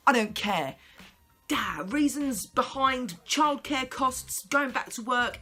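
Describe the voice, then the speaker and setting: Mum vlogging a rant, exasperated and sarcastic, voice swoops up and down a lot. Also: female voice, high-pitched, expressive, takes it slowly, bright, forceful tone, soft background music. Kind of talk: ranting vlog to camera.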